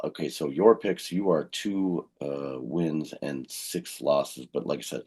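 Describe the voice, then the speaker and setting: A man co-hosting a casual fan podcast, rambling with fillers and self-corrections. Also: darkish tone. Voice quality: very deep gravelly husky voice. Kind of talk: casual sports chat.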